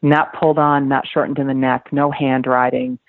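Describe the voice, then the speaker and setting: A woman's voice: extremely low pitch, level tone, moderate pace, no echo. A woman in her fifties, a dressage rider guesting on a podcast, talking earnestly and emphatically and repeating words, heard over a phone-like line. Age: 50s. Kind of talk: podcast interview.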